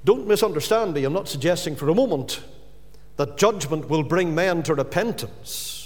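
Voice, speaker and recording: A man's voice: on the high side, animated, moderate pace, big-room sound. A man preaching a sermon as pastor, earnest and pleading with his hearers.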